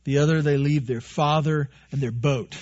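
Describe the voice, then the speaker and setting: A man preaching a sermon to a congregation in a relaxed, joking way, full of rhetorical questions. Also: a little high, normal speed. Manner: conversational, joking, asks many rhetorical questions. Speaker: pastor. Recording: dull lo-fi recording.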